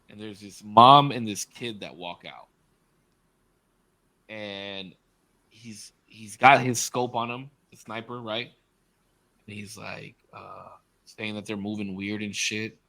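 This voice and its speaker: A man's voice: fairly low pitch, takes it slowly, long pauses, pushed and bright, dry recording, poor audio. A man co-hosting a podcast, retelling a story emphatically and swearing often in casual chat. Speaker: podcast co-host.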